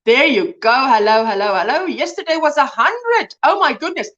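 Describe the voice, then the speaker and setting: A woman hosting a laid-back livestream reads comments, greets viewers by name, and exclaims a lot. Her voice is high and fairly bright, with lively intonation at a moderate pace, though the audio comes across dull.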